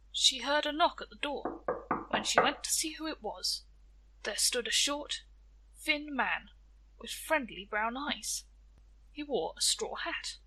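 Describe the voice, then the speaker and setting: Woman storyteller, bright tone, expressive storybook delivery. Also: on the high side, rough recording. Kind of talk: storybook narration.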